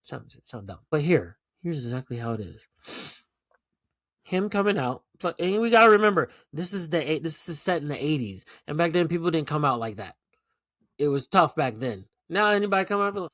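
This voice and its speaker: A man talking in a blunt, profane, animated way, his voice sitting a little high for a man. He hosts a casual solo podcast and rants in a loose, unscripted flow. The sound is dry and close, with little room echo. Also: fairly quick. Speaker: podcast host.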